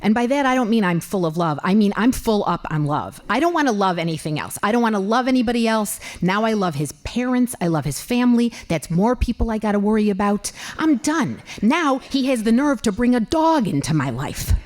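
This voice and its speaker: Animated woman in her fifties telling stories. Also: mid-range voice, fairly quick, few pauses. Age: 50s. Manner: animated, comic, incredulous storytelling. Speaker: storyteller. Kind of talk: personal storytelling before an audience.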